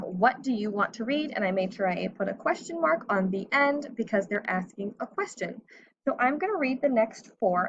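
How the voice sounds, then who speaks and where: A woman teaching a grammar lesson to young students, taking her time and spelling out each example sentence. Her voice sits in an ordinary middle range. The recording is slightly dull, with a faint hiss underneath. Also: medium pitch. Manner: slow, careful reading aloud of example sentences.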